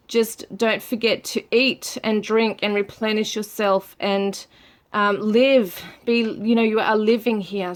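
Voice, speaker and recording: A woman giving a gentle tarot reading to her viewers, soft and soothing, with frequent fillers. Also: a little high. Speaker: tarot reader.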